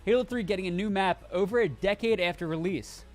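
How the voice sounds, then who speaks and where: Man, co-host, gaming news chat, rambling, fairly high voice, faint music underneath. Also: brisk. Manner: rambling with restarts, reads news aloud.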